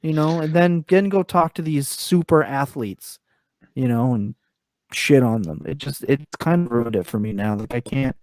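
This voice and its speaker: Male wrestler, podcast guest, blunt ranting talk, mid pitch, dry mic. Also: lively intonation, moderate pace, darkish tone, no room sound. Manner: candid, swears freely, rants with rising pitch. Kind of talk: casual podcast interview. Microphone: remote call mic.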